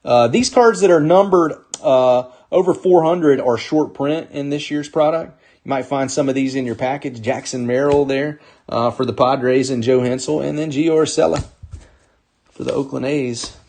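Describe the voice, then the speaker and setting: Upbeat husky man hosting a card break. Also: mid-range voice, normal speed, a little mellow. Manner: upbeat, calls out names and teams while opening packs. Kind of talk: live card break commentary.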